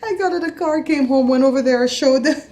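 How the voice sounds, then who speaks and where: Her voice sits high and moves a little fast. In a laid-back vlog, the middle-aged woman animatedly tells a heated story, mimicking the voices of its characters.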